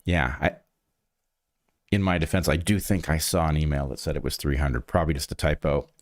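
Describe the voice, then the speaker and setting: A man's voice: a bass voice, steady tone, a little fast, dry recording. A man co-hosting a podcast, chatting casually in a rambling, self-deprecating way, jet-lagged and a bit discombobulated. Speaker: podcast co-host. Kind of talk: casual chat.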